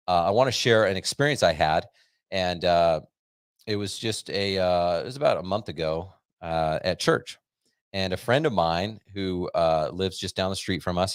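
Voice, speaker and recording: A middle-aged American podcast host delivers a casual, rambling, upbeat monologue to a live audience, using plenty of fillers. His voice sits low, and the recording is dry and of studio quality.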